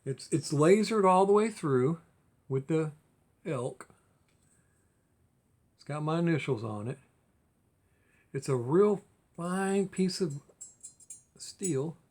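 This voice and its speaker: A man with a drawl chats to camera in a hobby vlog. His voice sits a bit high for a man. He rambles, restarts his sentences and grows heated the longer he talks. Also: expressive, slow pace, pauses often, darkish tone. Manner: rambling, repeats and restarts, gets heated and fired up. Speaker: diecast collector vlogger. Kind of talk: casual vlog talk to camera.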